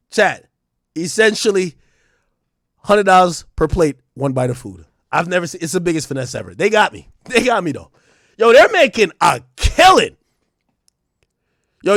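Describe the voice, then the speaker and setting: A man in his thirties riffs to his live chat in a loose, profane rant. His voice sits high, and he swings between loud, mocking outbursts and low, mumbled asides. The sound is dry and close, with no room around it. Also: dry recording. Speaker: streamer.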